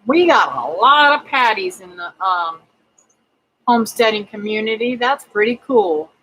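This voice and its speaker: Chatty bright-voiced woman greeting viewers. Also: mid-range voice, animated, unhurried, slight background noise, low-quality recording. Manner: chatty, greets viewers by name, many fillers. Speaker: homesteading livestream host. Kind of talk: casual livestream chat reading viewer comments.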